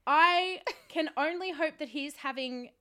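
A woman's voice: high-pitched, measured pace, pushed and bright, slight background noise. A young woman co-hosting a podcast, chatting casually with playful, wry asides. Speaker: podcast co-host. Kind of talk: casual chat.

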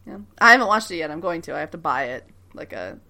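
A woman co-hosting a casual podcast, excitable and quick to laugh, swearing casually as she chats. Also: low voice, creaky. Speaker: podcast co-host.

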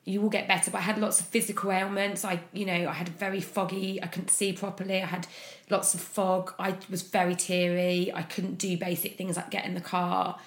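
A woman speaking as an interview guest, frank and open in a candid personal account, often pausing on fillers. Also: on the low side, little pitch movement. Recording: echoey room.

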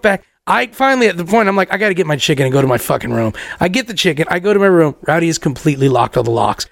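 A young man hosting a podcast, telling a story in a profane, animated way and acting out the other people's lines. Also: sits high, creaky, no room sound. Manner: profane, acts out every voice in the story. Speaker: podcast host.

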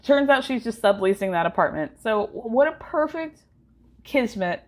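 A woman's voice: fairly high pitch, lively intonation, normal speed. A woman hosting a podcast, giving a chatty, gossipy recap of a TV show with lots of asides to her listeners. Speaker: podcast host. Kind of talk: casual pop culture TV recap.

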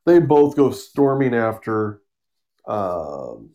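Man co-host for a comic podcast, relaxed rambling recap, mid-pitched voice. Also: takes it slowly. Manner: rambling summary with fillers and laughs, acting out quotes. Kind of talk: casual comic book recap.

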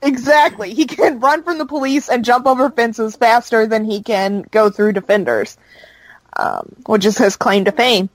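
Female podcast co-host, rambling recap, a bit high-pitched, dry sound. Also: animated, moderate pace, dry recording, poor audio. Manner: chatty, rambling recap with fillers. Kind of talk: casual chat.

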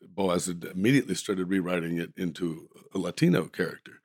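Deep, gravelly man telling stories. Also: a little fast, darkish tone, dry recording, clean studio sound. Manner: rambling, self-correcting, amused. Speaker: actor guest. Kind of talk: casual anecdotal storytelling.

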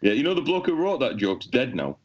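A man, a podcast co-host telling crude jokes in casual banter with a deadpan delivery. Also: mid-range voice, fairly quick. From England. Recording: dull lo-fi sound.

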